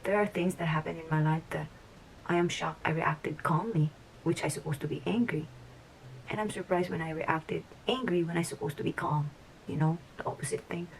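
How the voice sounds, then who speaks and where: Woman vlogging, low-ish voice, rambly and reflective, kinda whispery sometimes, little bit of hiss. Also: a little fast, low-quality recording. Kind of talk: casual vlog talk to camera.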